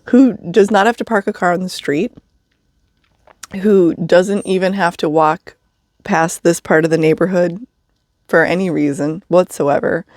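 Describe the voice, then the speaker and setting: Woman vlogging from her van, chatty and wry, lowish voice, dry close mic. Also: measured pace, darkish tone, no echo. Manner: chatty, laughs often, wry asides. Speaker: vlogger living in a vehicle. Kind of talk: casual storytelling vlog.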